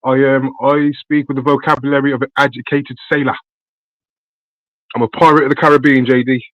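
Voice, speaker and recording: A man's voice: mid-range voice, little pitch movement, a little fast, no room sound. A British man on a call, talking in loose, slangy chat full of swearing and ums. The line is dull and lo-fi, and the voice sits dry and close. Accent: British English. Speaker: caller.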